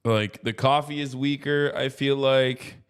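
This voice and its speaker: An American man in his thirties doing casual livestream commentary, talking to his chat with profane, animated rants. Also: mid-range voice, a little slow, clean tone. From United States. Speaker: streamer reacting to chat.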